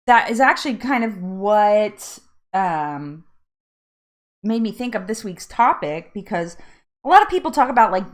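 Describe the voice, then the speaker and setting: A woman from New Jersey hosts a casual live chat from home, talking to her viewers. Her pitch swings widely while her pace stays easy and slow. She laughs often and wanders off on tangents. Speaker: live stream host.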